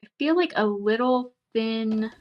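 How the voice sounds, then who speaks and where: A woman's voice: on the high side, unhurried, muffled recording. A woman guest on a crafting show, thinking aloud about her choices as she works. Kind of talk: casual crafting chat.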